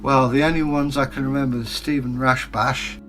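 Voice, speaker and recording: A man in his sixties chats casually as a co-host, drifting from one anecdote to the next in an easygoing way. His voice sits at an ordinary middle pitch, with faint music playing underneath. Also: fairly even intonation, fairly quick, a bit bright. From England. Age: 60s. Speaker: co-host reading viewer comments. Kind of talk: casual chat.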